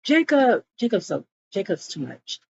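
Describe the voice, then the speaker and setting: A woman's voice: medium pitch, big pitch swings, moderate pace, vocal fry, a little mellow, muffled recording, a little hiss or hum. A woman casually retelling an episode scene by scene, with lots of "like" and asides. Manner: chatty retelling peppered with "like" and "girl". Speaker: show recap reviewer.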